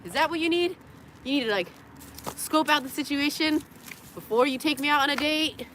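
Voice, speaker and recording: A woman's voice: sits high, moderate pace, sharp tone, a little hiss or hum. A tired young woman rambling through a livestream from her parked car, joking crudely, laughing often and cooing at her dogs. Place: parked car in a parking lot.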